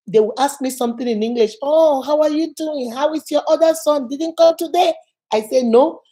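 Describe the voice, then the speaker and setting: With a fairly high pitch and a dark tone, a middle-aged woman vlogger from Nigeria talks to camera with earnest motivation and storytelling. A native Igbo speaker with a Nigerian accent, she returns to phrases repeatedly for emphasis.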